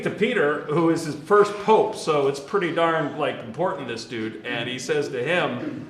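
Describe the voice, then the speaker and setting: Chatty priest preaching in an echoey church. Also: male voice, a little high, animated, fairly quick, slight background noise. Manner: casual and chatty, laughs and slangy asides. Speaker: Catholic priest. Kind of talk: conversational homily.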